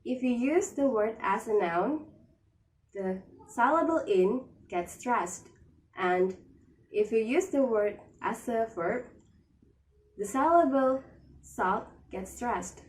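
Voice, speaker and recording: A young woman student reading a pronunciation presentation slowly and carefully, listing word examples. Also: fairly high pitch, animated, poor audio. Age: young adult.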